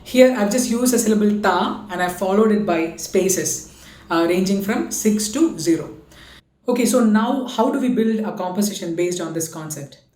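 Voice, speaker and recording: A woman's voice: mid-range voice, moderate pace, a little mellow, echoey room. A woman with an Indian English accent, patiently explaining and counting out a rhythm lesson and reciting konnakol syllables. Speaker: music teacher.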